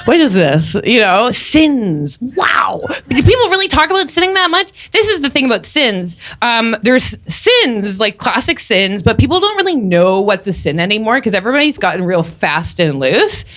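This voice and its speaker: A woman performing a stand-up comedy set on stage before a small audience, playful and rambling, breaking into loud put-on voices. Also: fairly high pitch, sing-song, moderate pace, hardly any pauses.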